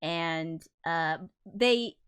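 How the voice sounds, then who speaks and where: A woman's voice: low-pitched, drawn-out words, fairly bright tone, clean tone, dry recording. Giggly, chatty woman streamer, dry sound. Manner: chatty, giggly, rambling with many fillers. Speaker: livestream host, musician. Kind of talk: casual livestream chat.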